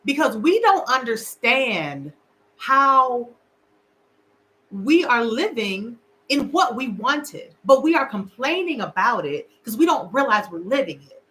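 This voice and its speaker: A woman's voice: on the high side, very animated, slow, pushed and bright, poor audio. A middle-aged woman hosting a casual livestream, candid and emotional, talking straight to her viewers. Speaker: show host. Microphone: livestream camera.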